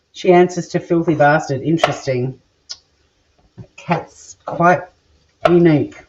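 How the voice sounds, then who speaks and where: In a noisy, lo-fi recording, an Australian home cook talks casually while cooking at home for a vlog, rambling and telling crude jokes. The medium-pitched voice moves at a measured pace with long pauses.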